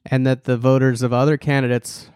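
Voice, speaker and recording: A man co-hosting a casual political podcast, ironic and animated, restarting sentences and mocking the people he quotes. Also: brisk, smooth, no echo, studio quality. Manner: animated, ironic, restarts and leaps in pitch for emphasis. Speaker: podcast co-host.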